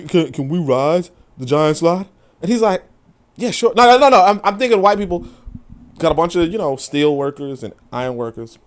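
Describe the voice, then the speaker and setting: A young adult man hosting a casual live-stream, reading viewer comments and riffing with profane, animated storytelling and mocking quoted voices. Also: medium pitch. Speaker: livestream commentary host.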